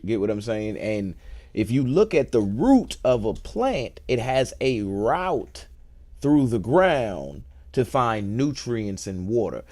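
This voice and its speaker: A man hosting a casual show, thinking aloud in a relaxed, playful way and enjoying wordplay. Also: on the low side. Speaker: host. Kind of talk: casual musing talk.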